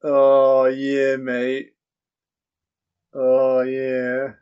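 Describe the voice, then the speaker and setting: Man, slow swearing film commentary, dull lo-fi sound. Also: medium pitch. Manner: profane, excitable, mocking. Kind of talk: crude live movie commentary. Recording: dull lo-fi audio.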